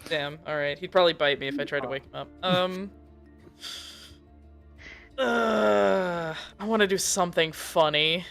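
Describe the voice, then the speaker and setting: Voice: mid-range voice, unhurried, gravelly, long pauses, fairly bright tone, faint music behind. A tabletop game player describing their character's actions in a playful, giggly way. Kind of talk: in-character tabletop play, casual chat.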